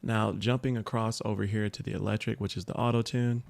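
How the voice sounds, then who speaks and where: A man with a lowish, gravelly voice walks through a tech product in a casual review. He talks in a relaxed way, with plenty of ums and little asides. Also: a little fast.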